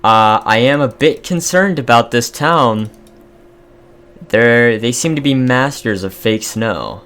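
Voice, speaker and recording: A young man giving casual, excitable commentary over a strategy game, reading game events aloud. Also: medium pitch, slow pace, clear, resonant tone. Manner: chatty, excitable, reads in-game text aloud. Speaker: gaming video host. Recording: faint music behind.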